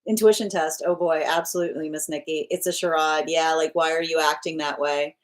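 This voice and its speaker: A woman's voice: deep voice, steady tone, fairly quick. A woman tarot reader chats through her live stream from home, reading comments aloud in a loose, rambling way. She laughs easily and restarts her sentences as she goes. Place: at home with her pet nearby.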